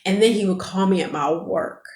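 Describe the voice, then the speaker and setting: A woman's voice: mid-range voice, normal speed, darkish tone. A woman in her thirties telling a personal story in a chatty, emotional vlog, addressing her viewers directly. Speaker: vlogger. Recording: echoey room.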